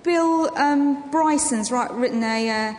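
A woman's voice: sits high, slow pace. Chatty woman in an echoey hall. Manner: chatty anecdotal storytelling with frequent ums and laughs. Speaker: guest actress and comedian. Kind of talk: on-stage festival interview. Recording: echoey hall with long reverb, faint ambience.

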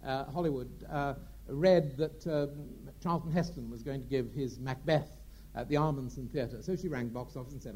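A man telling theatrical anecdotes in a chatty, halting way, full of fillers. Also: mid-range voice, dark tone, a little hiss or hum. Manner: chatty, hesitant with many fillers. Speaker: raconteur.

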